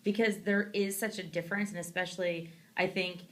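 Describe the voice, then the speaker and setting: A woman's voice: fairly low pitch, fairly even intonation, a little fast, fairly bright tone. Earnest young woman interviewer. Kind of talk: casual interview chat.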